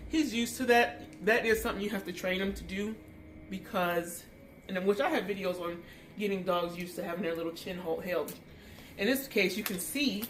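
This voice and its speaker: A woman's voice: mid-range voice, moderate pace. A chatty woman dog groomer walks through a grooming tutorial, breaking off to coo baby talk at the dog. Her mid-range voice bounces around a roomy space, with a faint hum of background noise. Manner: chatty, coos baby talk at a wiggly dog between explanations.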